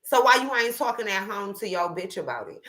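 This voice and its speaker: Woman commentator, bright tone, roomy sound; blunt, opinionated, profane. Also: mid-range voice, sing-song, a little fast. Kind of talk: casual reaction commentary.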